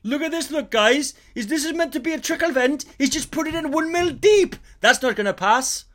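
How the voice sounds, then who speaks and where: A man impersonating an outraged Welsh male building inspector, shouting high and fast about shoddy work. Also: expressive. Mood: indignant.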